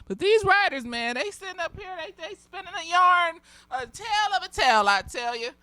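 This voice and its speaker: A slightly tipsy woman therapist giving a casual, profane review with lots of giggling and animated storytelling. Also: very high-pitched, moderate pace, no echo.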